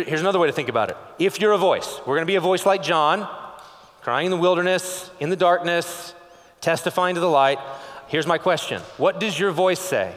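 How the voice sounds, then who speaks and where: A pastor from West Texas preaching a sermon in a conversational way, firing off rhetorical questions and checking in with "okay?". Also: male voice, a little high, a bit bright, long reverb tail.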